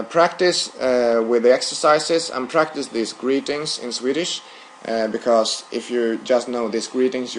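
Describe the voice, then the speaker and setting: A man of middle pitch gives a recorded language lesson. He talks steadily and fills pauses with "uh". A faint hiss of background noise sits under his voice. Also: low-quality recording. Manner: steady, with frequent "uh" fillers. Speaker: language teacher.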